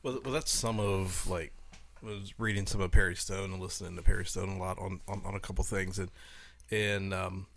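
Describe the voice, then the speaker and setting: A man co-hosting a podcast in casual chat, explaining things in a measured way with frequent restarts. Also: sits low, steady tone, vocal fry, a little hiss or hum. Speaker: podcast co-host.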